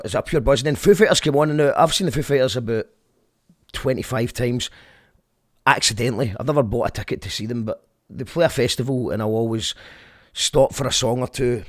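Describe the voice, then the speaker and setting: A vlogger with a Glaswegian Scottish accent goes on a casual, rambling rant, drifting into tangents and restarting his sentences. His mid-range voice is captured in studio quality without echo.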